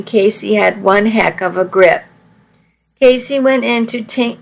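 Woman reading a first-person story, slow and unhurried, bit of vocal fry, dry wry tone. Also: medium pitch, poor audio. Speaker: audiobook narrator.

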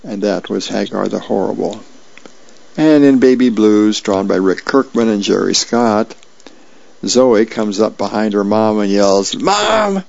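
A man reading newspaper comics aloud as a volunteer reader, in a plain, unhurried way with small slips. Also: fairly low pitch, fairly even intonation, creaky, darkish tone. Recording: dull lo-fi radio recording.

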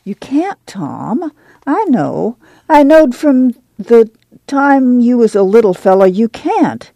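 A woman's voice: on the high side, sing-song, slow, dark tone, no room sound, voice pushed up, exaggerated voice. A woman voicing a steadfast farm mother. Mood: earnest. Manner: homespun, plain-spoken, firm. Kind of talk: dramatic audiobook reading.

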